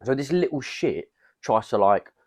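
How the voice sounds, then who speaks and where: A young man co-hosting a podcast, telling a rambling, slangy, animated story in casual chat. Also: medium pitch, moderate pace, no echo, studio quality. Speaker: podcast co-host.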